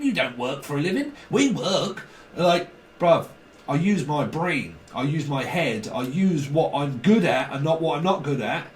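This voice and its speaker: A high-voiced man talks casually to camera as a tarot reader, rambling and swearing, laughing often and mimicking the people he describes. His voice sounds a little far from the mic in an echoey room with faint noise behind it.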